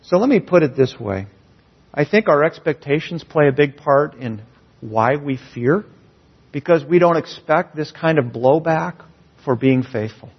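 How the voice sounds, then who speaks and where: A pastor preaching a sermon in a church, earnest and building emphasis on key phrases. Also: male voice, fairly high pitch, expressive, measured pace, breathy edge. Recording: dull, slightly lo-fi sound.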